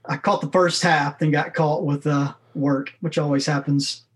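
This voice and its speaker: A man's voice: fairly high pitch, steady tone, moderate pace, slightly rough. A man in casual chat, easygoing and self-deprecating.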